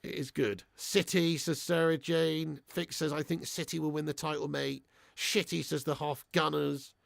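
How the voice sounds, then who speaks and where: A man's voice: a little high, steady tone, moderate pace, vocal fry, no echo, clean studio sound. A young man hosting a live match watch-along, swearing freely and reading out viewer messages. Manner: crude, swearing fan banter; reads out viewer super chats. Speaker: fan channel host.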